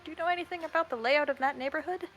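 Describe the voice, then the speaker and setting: A woman's voice: high-pitched, rapid-fire, fairly bright tone, soft background music. A woman playing a tabletop role-playing game, carefully explaining how a spell works. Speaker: player. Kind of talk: casual tabletop play.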